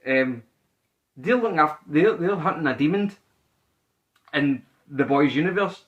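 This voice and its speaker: Sweary excitable man. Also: a little high, moderate pace, lo-fi sound. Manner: sweary, excitable, retelling scenes with put-on voices. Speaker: podcast co-host. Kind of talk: casual chat.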